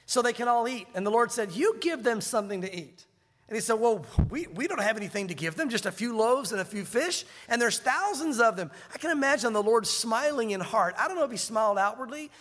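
A man's voice: very high voice, lively intonation, a little fast, a bit bright, long reverb tail. A man preaching a sermon as pastor, telling stories with animation and acting out the voices of the people he quotes.

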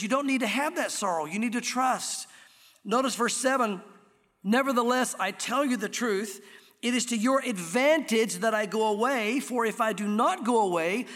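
A high-voiced man preaches as a pastor, slowing down to lean on key words of scripture. His voice carries a long reverb, as in a church sanctuary. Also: a bit bright. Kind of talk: sermon.

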